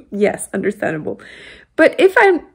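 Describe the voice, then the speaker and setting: Gravelly French Canadian woman, chatty vlogger. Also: high voice, sing-song, takes it slowly. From Quebec, Canada. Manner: chatty and venting, with frequent laughs and fillers. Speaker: book vlogger. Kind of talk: casual vlog chat.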